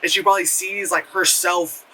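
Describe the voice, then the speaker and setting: High, bright-voiced rambling movie reviewer man. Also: normal speed, far from the mic, slight background noise, rough recording. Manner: rambling and animated, heavy on "like", swears freely. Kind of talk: casual spoken film review.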